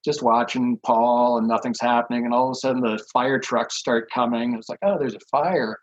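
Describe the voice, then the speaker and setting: A man's voice: medium pitch, monotone, brisk, muffled recording. A man in his sixties, a podcast guest telling rambling stories with lots of fillers and chuckles. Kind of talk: casual anecdotal storytelling.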